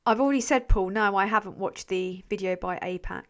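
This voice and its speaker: An English channel host with an ordinary middle-pitched voice chats loosely and fairly quickly on her live stream, responding to viewer comments. She rambles, abandons sentences halfway, swears freely, and mocks herself along the way.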